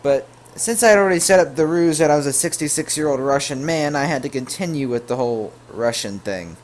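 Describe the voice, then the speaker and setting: A man casually telling a storytime tale to his viewers, full of jokey asides and quick self-corrections. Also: on the high side. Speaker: YouTube storyteller.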